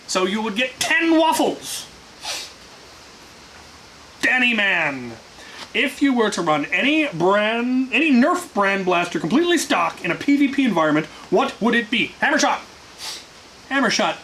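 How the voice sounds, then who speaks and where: A man's voice: very high-pitched, big pitch swings, measured pace, fairly bright tone, rough recording. A man hosting a casual viewer Q&A, answering in a dry, offhand way with restarts and fillers. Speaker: host answering viewer questions. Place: workshop. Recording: faint hiss.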